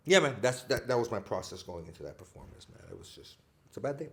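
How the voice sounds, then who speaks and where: A man from Chicago, an actor guest on a casual podcast, telling animated stories and acting out quotes with frequent laughter. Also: medium pitch, fast. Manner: animated storytelling, acts out quotes, laughs often.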